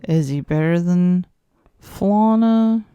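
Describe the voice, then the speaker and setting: Woman, podcast co-host, casual chat, deadpan, lowish pitch. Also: takes it slowly, clear, resonant tone, highs cut off.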